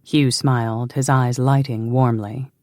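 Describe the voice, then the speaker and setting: In scripted narration for a historical romance audiobook, a man keeps a steady, even storytelling pace. His pitch is medium, and the clean studio recording carries no room sound.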